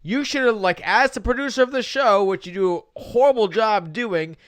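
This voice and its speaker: A man's voice: sits high, normal speed, a bit bright, dry recording. A man co-hosting a podcast in a studio, bantering and teasing with casual swearing. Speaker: co-host.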